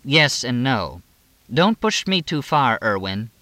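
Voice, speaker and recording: A man's voice: medium pitch, sing-song, slow, bright, forceful tone, dry recording, heavily acted. A man voicing a chatty, needling woman police chief on the phone, sly and teasing.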